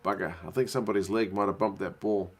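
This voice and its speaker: A man's voice: fairly low pitch, steady tone, quick pace, slightly rough. A man hosting a casual live watch-along from his living room, chatting and answering viewers' questions. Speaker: livestream host.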